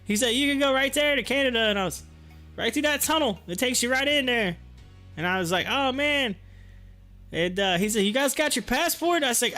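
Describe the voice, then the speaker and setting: A man's voice: very high-pitched, fairly quick, sharp tone, faint music behind. A man hosting a live stream, rambling through casual stories and viewer comments and laughing often. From United States. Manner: rambling storyteller, laughs often, repeats himself.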